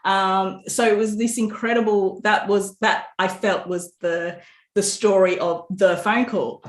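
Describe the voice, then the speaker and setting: A woman's voice: medium pitch, measured pace. Aussie woman author telling a story, laughy, keeps restarting, echoey room. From Australia. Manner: animated storyteller, laughs often, many restarts. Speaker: author guest. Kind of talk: casual interview chat. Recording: roomy echo.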